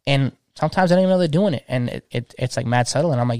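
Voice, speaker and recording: A man's voice: mid-range voice, racing, few pauses, a little mellow, dry recording, clean studio sound. A man in his thirties, a DJ, talking passionately in casual slang and restarting his sentences often. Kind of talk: casual podcast chat.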